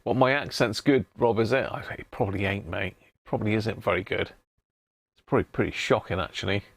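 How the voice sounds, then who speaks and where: A man's voice: fairly low pitch, steady tone, fairly quick, creaky, a little hiss or hum. A jovial man hosting a casual live stream, chatting and laughing with his viewers. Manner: jovial, laughing banter with chat. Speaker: live-stream host restoring a vintage radio.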